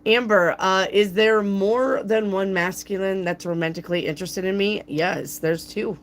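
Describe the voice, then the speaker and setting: A woman with a gruff, raspy voice, hosting a live tarot reading and chatting playfully with viewers by name. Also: medium pitch, normal speed, a little hiss or hum. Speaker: tarot reader, channel host. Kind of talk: live-stream tarot reading, answering chat.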